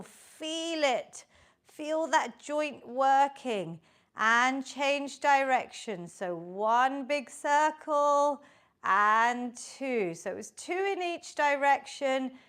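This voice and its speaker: High-voiced, unhurried woman fitness instructor. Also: a bit bright. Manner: encouraging, counts reps aloud. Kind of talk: live online workout instruction.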